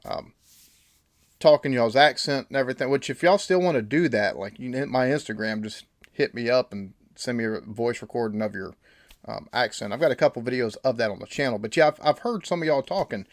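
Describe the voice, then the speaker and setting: A man's voice: mid-range voice, brisk, no room sound, clean studio sound. A man, hosting a casual reaction video in a rambling, folksy way. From United States. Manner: rambling and folksy, with fillers and restarts.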